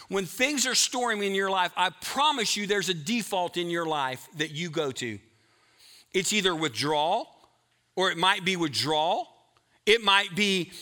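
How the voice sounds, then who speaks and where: A middle-aged man preaching a sermon, emphatic, moving between loud stretches and hushed ones. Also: high-pitched. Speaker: pastor.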